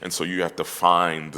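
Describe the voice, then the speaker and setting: Very deep-voiced man, reflective and halting. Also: fairly bright tone. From United States. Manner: reflective, halting with many restarts. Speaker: opera singer, guest. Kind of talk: casual conversation.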